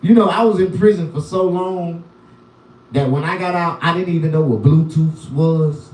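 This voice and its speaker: A man's voice: on the high side, moderate pace, darkish tone, recorded from a distance. A man doing loose, rambling stand-up on a live stream, with a profane and repetitive manner. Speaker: comedian. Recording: roomy sound, voice from the mic.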